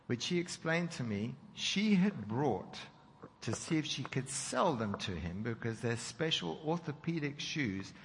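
A preacher telling a story in a sermon, animated as he acts out the dialogue. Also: medium pitch. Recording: reverberant hall with faint noise.

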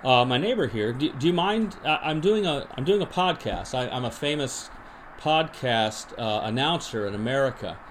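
A man hosting a podcast, deadpan and rambling with many restarts, in an improvised comedy monologue and mock interview. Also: mid-range voice, normal speed, a little hiss or hum. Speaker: podcast host.

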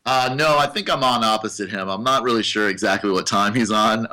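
A man's voice: fairly low pitch, brisk, sharp tone, rough recording. A middle-aged man hosting a casual radio interview, easygoing and hesitant, with many fillers. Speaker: radio host.

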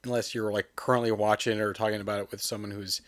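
A man co-hosting a podcast in casual film chat, rambling and animated, acting out voices as he retells a sketch. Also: lowish voice, fast talker, no echo. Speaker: podcast co-host.

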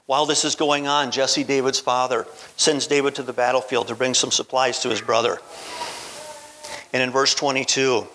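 A man's voice: medium pitch, little pitch movement, moderate pace, pushed and bright, a little hiss or hum, poor audio. A man preaching a sermon, retelling a Bible story in a storytelling manner. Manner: storytelling, voicing Bible characters in quotes.

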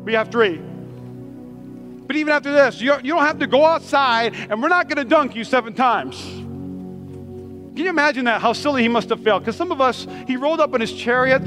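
Male pastor, very high voice, punchy and repetitive delivery, faint music underneath. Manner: emphatic, repetitive preaching with call-and-response. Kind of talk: sermon. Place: church.

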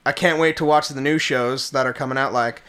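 A man's voice: mid-range voice, fairly even intonation, brisk, bright, forceful tone, slight background noise. A young man co-hosting a casual podcast chat, eagerly explaining fan lore with lots of fillers. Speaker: podcast co-host.

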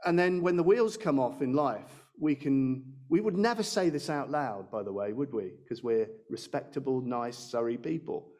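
A man's voice: medium pitch, normal speed, few pauses, darkish tone. A man preaching a sermon in a church, chatty and self-deprecating, speaking into a handheld mic. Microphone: handheld microphone.

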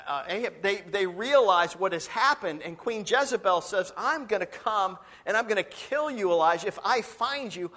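A man's voice: on the high side, fairly bright tone. A male pastor preaching a sermon, telling stories dramatically and acting out the voices, sometimes dropping to a whisper.

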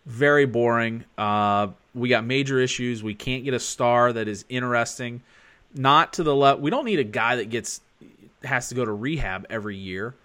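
A man's voice: mid-range voice, a bit bright, smooth. A man co-hosting a casual sports podcast, rambling with many restarts and fillers. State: expecting a baby with his wife. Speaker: podcast co-host. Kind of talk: casual chat.

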